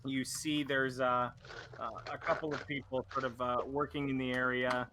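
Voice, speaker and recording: A man's voice: medium pitch, little pitch movement, normal speed, noisy background. A man narrating a tabletop game as game master, rambling with many fillers and restarts.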